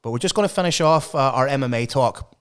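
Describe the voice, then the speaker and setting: A man's voice: mid-range voice, animated, quick pace, smooth. A man co-hosting a podcast, chatting enthusiastically and with swearing about mixed martial arts. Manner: enthusiastic, sweary, previewing fights. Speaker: podcast co-host. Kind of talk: casual chat about MMA.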